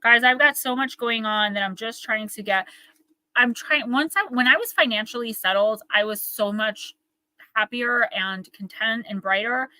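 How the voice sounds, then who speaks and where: A woman's voice: on the high side, normal speed, bright, forceful tone, no room sound, low-quality recording. A young woman hosting a live oracle card reading, talking in a rambling, earnest, emotional way. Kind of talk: live-stream card reading, casual chat. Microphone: live-stream microphone.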